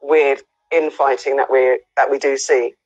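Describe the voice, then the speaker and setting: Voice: mid-range voice, little pitch movement, measured pace, darkish tone, no room sound, muffled recording. A host asking questions in a casual live-streamed interview, playful and prompting with short reactions.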